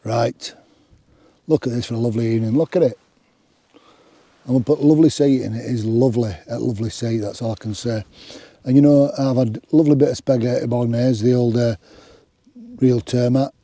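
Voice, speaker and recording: Out on open moorland, a middle-aged man vlogs a hike through a clip-on mic, rambling and chatty with many restarts and fillers. His mid-range voice is dark and fairly even, moving fairly quickly but with long pauses, and the recording is dry.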